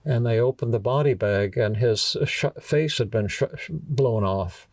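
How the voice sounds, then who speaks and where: A man with a gravelly voice tells a long story with frequent stumbles and restarts. He sounds a little distant from the microphone. The recording is dry, with no room echo. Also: mid-range voice, a little mellow. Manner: halting, with frequent repeated words and restarts. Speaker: podcast host telling a workshop story.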